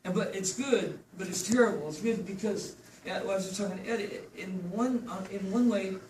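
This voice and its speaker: A man speaking at a memorial gathering in halting, emotional remarks that trail off. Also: high-pitched, darkish tone, a little hiss or hum. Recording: echoey room, far from the mic, guitar behind.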